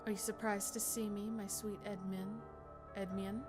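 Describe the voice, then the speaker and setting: A woman's voice: mid-range voice, flat delivery, moderate pace, music in the background, close to an everyday voice. A woman voicing a sweetly menacing female intruder in a sing-song, coaxing way, reading a game aloud. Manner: teasing, coaxing.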